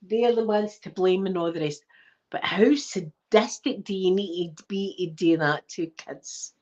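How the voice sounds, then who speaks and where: A woman's voice: fairly low pitch, measured pace. Brief: Scottish woman, emphatic storyteller chatting to viewers, dull lo-fi mic. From Scotland. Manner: animated, emphatic, repeats herself. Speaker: channel host. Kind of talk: casual storytelling to a live chat.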